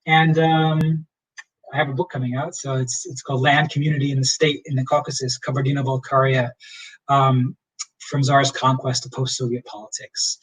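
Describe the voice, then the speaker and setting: A young man teaching as a history professor in a casual livestream lecture, relaxed and rambling with many fillers. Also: medium pitch, normal speed, husky, distant mic, rough recording.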